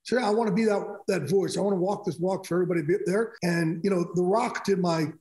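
Middle aged guy telling stories on a podcast, acts out what people said, kinda high voice, roomy echo. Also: fast. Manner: animated, re-enacts conversations in quotes. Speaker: guest, sports broadcaster. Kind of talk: casual interview storytelling. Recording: echoey room.

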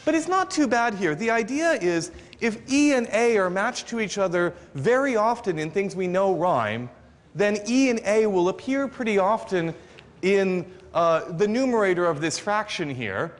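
A man with a high-pitched voice explains his subject step by step to a room of listeners, adding a little dry humor along the way. His words ring out with the long reverb of a lecture hall. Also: animated, normal speed. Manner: explanatory, lightly joking. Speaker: professor. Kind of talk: university outreach lecture.

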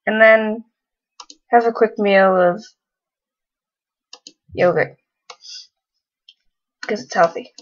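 A woman's voice: medium pitch, fairly even intonation, drawn-out words, pauses often, muffled recording. A young woman casually commenting on a life-sim game she is playing and talking to its characters in a teasing way. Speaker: let's play gamer.

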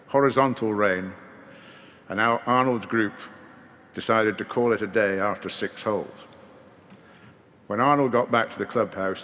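A man delivering a formal memorial eulogy in a measured, gently wry manner at a podium microphone. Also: on the low side. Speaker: eulogy speaker. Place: large hall at a memorial service. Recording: long reverb of a large hall.

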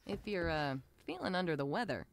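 Jen, a gravelly, teasing game trader. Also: female voice, fairly low pitch, very animated, fairly quick, slight background noise. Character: female trader, brisk and teasing. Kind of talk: game character voice lines.

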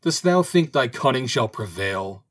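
A man's voice: mid-range voice, lively intonation, a little slow, voice pushed up, close to an everyday voice. A man voicing a flock of birds who sound indignant and accusing. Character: crowd of indignant birds, angry.

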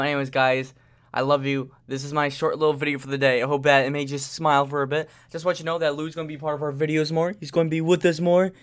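Young man, slightly high voice, smooth and resonant, casual vlog chat, rambling, lots of fillers, coos at his pet. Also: fairly bright tone. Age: young adult. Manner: rambling, full of fillers and restarts. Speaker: vlogger.

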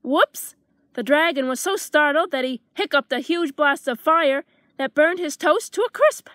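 A woman reading a children's storybook aloud with lively, expressive narration. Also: high voice, measured pace, no room sound.

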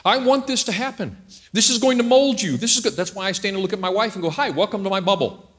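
A man's voice: sits high, fast talker. A male pastor preaching a humorous sermon at a church service, acting out scenes and joking as he goes. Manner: animated storyteller who acts out scenes and jokes.

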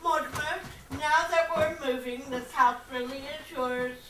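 A woman acts a kindly elderly aunt who talks in a soft, earnest, motherly way. Her voice is high and bright. It is picked up from a distance in a reverberant hall with light hiss. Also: fairly even intonation, measured pace. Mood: gentle, earnest. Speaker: stage actor. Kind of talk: amateur stage play. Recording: echoey stage, far mic, light noise.

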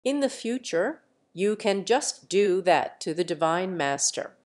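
A woman's voice: medium pitch, animated, unhurried, a little mellow, natural voice. A woman voicing a bold young male martial hero in a web novel audiobook, read evenly.

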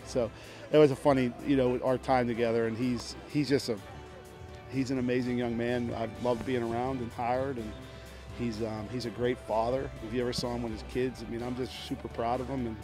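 Man telling a coaching story. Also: mid-range voice. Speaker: former coach. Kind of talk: storytelling interview.

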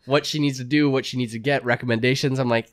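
A young man co-hosting a podcast, telling stories in animated casual chat. He talks fast at a mid pitch. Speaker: podcast co-host.

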